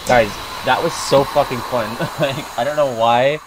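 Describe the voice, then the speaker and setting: A man giving casual gameplay commentary, excitable and quick to swear, yelping and exclaiming at the action. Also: medium pitch. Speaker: let's play commentator. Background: game music.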